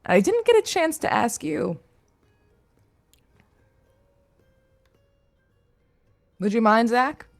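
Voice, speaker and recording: A woman's voice: on the high side, big pitch swings, normal speed, creaky, faint music behind. A woman voicing a brash, teasing young woman adventurer in a tabletop game. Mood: sly.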